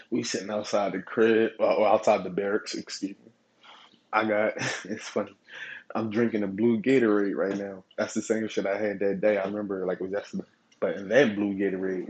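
Laid-back husky-voiced man. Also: on the low side, a little mellow, low-quality recording. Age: adult. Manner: laid-back, profane storytelling with chuckles. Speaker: podcast host. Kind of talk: casual solo podcast monologue.

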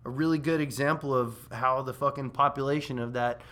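A man tells a war story to friends in a bright, forceful voice, cursing freely. He is animated and laughs between lines. The talk is loose and casual, podcast style. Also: medium pitch, fairly quick. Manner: profane, animated, laughs while telling. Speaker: veteran storyteller.

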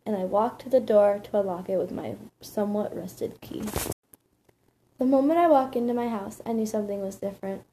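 A woman reads a first-person story aloud in a plain, matter-of-fact way. Her voice is mellow and dark-toned, at an ordinary middle pitch. The delivery stays steady, like reading from a page. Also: slight background noise, poor audio.

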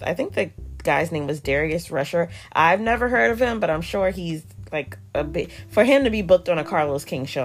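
A woman hosting a podcast, giving a casual, sassy review full of slang and frequent laughter. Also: on the low side. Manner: animated and sassy, laughs often, uses slang. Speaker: podcast host reviewing a reality show. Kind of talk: casual commentary.

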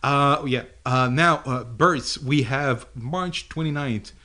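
A man co-hosting a podcast in casual chat, halting, with many fillers and restarts. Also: medium pitch, pushed and bright. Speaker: podcast co-host.

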